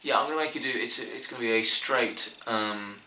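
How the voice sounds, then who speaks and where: A man's voice: mid-range voice, a little fast, noisy background. A man narrating a tabletop game as game master, hesitant and full of filler. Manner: hesitant, full of "sort of" and restarts. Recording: echoey room, mic at a distance.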